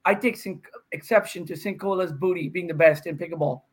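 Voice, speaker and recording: A man's voice: on the high side, brisk, slightly rough. A man in his fifties from India, a podcast guest telling rambling, joking stories in casual chat. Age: 50s. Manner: excitable, joking, rambling storyteller. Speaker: podcast guest, pickleball pro.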